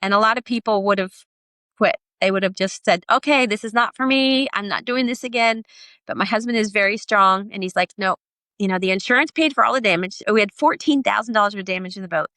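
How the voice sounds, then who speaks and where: Middle-aged woman, lively storyteller, dry close mic, acts out the voices she quotes. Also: medium pitch, quick pace, no echo. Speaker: podcast guest, sailor and author. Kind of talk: storytelling in an interview.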